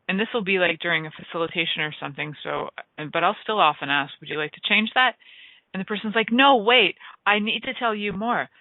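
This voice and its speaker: A woman's voice: lowish voice, no room sound. A woman hosting a radio talk show, chatting in a playful, rambling way with many fillers. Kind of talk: casual solo radio talk. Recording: tinny phone line.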